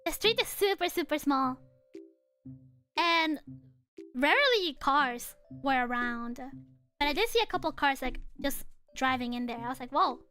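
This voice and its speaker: Young woman VTuber, high and bright, lively swoops, giggly and casual with a few swears. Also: measured pace, long pauses, soft background music. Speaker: VTuber streamer. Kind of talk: casual livestream chat over travel photos.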